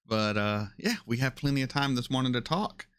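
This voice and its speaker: Male host doing a casual livestream with a bright, crisp voice. Opinionated, says his points twice, and his pitch jumps up when he gets excited. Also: fairly quick. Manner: opinionated, repeats himself for emphasis. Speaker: reaction channel host.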